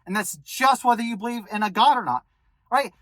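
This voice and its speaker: A woman's voice: a little high, brisk, a bit bright, no room sound, rough recording. A woman vlogger delivering an angry, profane commentary rant to her viewers. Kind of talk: ranting commentary to camera.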